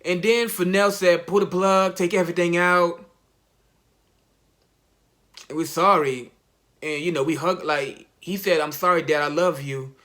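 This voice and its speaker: Bright-voiced young man, casual slang. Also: high-pitched, steady tone. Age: young adult. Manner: casual, slang-heavy, halting retelling. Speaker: college athlete. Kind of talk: personal storytelling.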